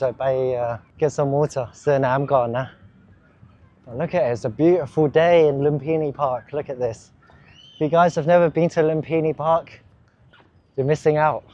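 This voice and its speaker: A man's voice: fairly high pitch, normal speed, long pauses, darkish tone, dull audio. A chatty young man from England, talking casually in a vlog outdoors in a park, full of fillers. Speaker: vlogger.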